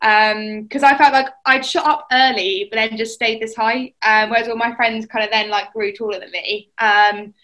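A woman's voice: on the high side, fairly even intonation, moderate pace, few pauses, sharp tone, low-quality recording. A young woman from England, a netball player, telling stories in a casual chat and acting out what people said. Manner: chatty storytelling, acts out quotes.

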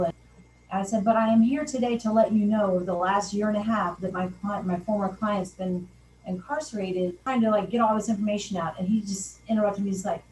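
A woman's voice: mid-range voice, steady tone, fairly quick, darkish tone, far from the mic. A woman in her fifties tells her own story plainly, a professor who acts out the lines she quotes. She sits some way from the mic. The room is echoey, with a faint hum of background noise. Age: 50s. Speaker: sociology professor. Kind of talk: personal testimony.

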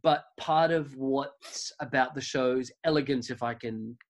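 A man's voice: mid-range voice, unhurried. A man from Australia with an Australian accent, a guest telling rambling stories in a casual interview chat. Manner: rambling storyteller, many restarts. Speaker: podcast creator, guest.

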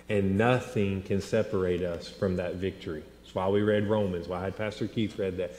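A man in his thirties preaching a sermon, telling stories with animated swings between loud and hushed delivery. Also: sits low, moderate pace, hardly any pauses. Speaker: pastor. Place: large church sanctuary. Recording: echoey hall with long reverb.

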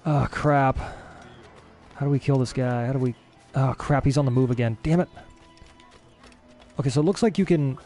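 A young man giving casual let's-play commentary as a gaming streamer, excitable and easily frustrated. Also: mid-range voice, normal speed, long pauses, faint music behind. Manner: excitable, frustrated, swears mildly.

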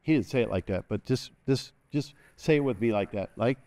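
An older man preaching to his congregation in a folksy, joking way. He keeps calling for the room to answer him back. His voice sits at a middle pitch. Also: expressive, fairly quick, warm tone. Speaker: pastor. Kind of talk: sermon.

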